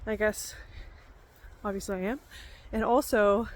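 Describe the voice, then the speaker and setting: A woman's voice: mid-range voice, steady tone, measured pace. A woman vlogger chatting casually and unscripted to camera outdoors in a forest, rambling and correcting herself as she goes.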